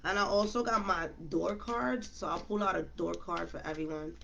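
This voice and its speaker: A woman's voice: lowish voice, moderate pace, vocal fry, fairly bright tone, slight background noise. A woman reading tarot cards in a casual, chatty way, talking straight to her viewers with lots of slang. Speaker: tarot reader.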